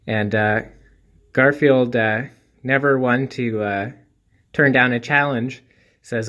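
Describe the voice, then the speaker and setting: Man, comic strip reviewer, slow and halting, dry wry delivery, lots of ums. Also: medium pitch, fairly bright tone. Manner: hesitant, full of ums and restarts. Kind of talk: casual spoken review.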